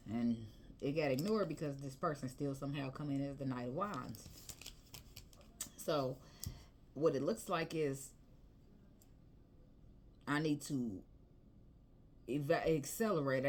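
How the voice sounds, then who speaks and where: A fairly low-voiced woman chats her way through a tarot reading, loose and slangy. There is a faint hiss of noise under her voice. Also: a little mellow. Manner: chatty, slangy, breaks into singing and laughs. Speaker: tarot reader.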